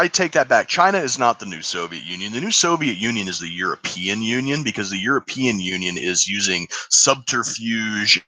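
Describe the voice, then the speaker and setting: A man's voice: low-pitched, bright, forceful tone, no echo. A man co-hosting a casual political podcast, talking in an emphatic, opinionated way with frequent restarts. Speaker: podcast co-host.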